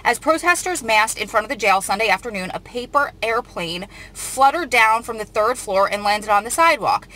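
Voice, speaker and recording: A woman's voice: on the high side, animated, normal speed, hardly any pauses, sharp tone, low-quality recording. A young woman vlogger reading a news article aloud and reacting to it in an earnest, emotional way. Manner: earnest, emotional, often close to tears.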